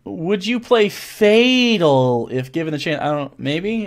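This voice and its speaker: A man's voice: sits high, animated, slow, hardly any pauses. A man hosting a casual live stream, reading viewer messages aloud and joking around with lots of swearing and restarts.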